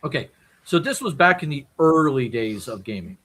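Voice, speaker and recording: A man chatting casually as a podcast guest, putting on a gruff dwarven brogue and swearing freely, with a raspy voice. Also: mid-range voice, sing-song, normal speed, a bit bright.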